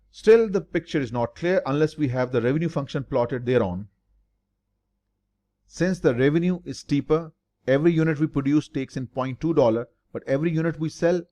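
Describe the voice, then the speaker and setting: In a mid-range, darkish voice, a man lectures as a finance tutor explaining break-even analysis. He stresses and repeats key terms and answers his own questions.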